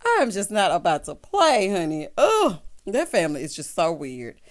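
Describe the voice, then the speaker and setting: A woman's voice: on the low side, wildly swooping pitch, moderate pace. A woman giving a casual, gossipy recap of a reality show, talking straight to her viewers and calling them honey and child. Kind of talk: casual recap commentary to camera.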